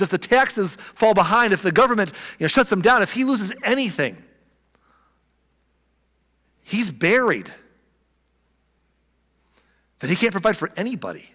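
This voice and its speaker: Animated male pastor in a ringing church. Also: on the high side, big-room sound. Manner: animated, conversational, emphatic. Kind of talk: sermon.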